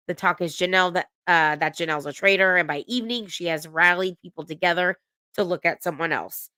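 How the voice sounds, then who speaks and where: A woman's voice: lowish voice, a bit bright, clear, resonant tone, no echo, clean studio sound. A woman casually recapping a reality show episode, gossiping, swearing freely and laughing as she retells the scenes.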